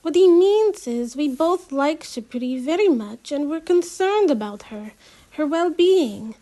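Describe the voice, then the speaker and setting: A woman voicing an earnest, courteous young girl in a storybook reading, speaking in a bright, eager way. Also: high voice, lively intonation, a little slow, pitched above the performer's own voice. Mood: scolding, polite.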